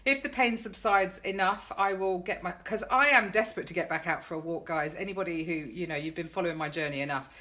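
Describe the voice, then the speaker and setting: A woman's voice: lowish voice, fast, few pauses, pushed and bright. A middle-aged woman vlogging in a chatty, sarcastic way, telling her followers about her day. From England. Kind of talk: casual chat to camera.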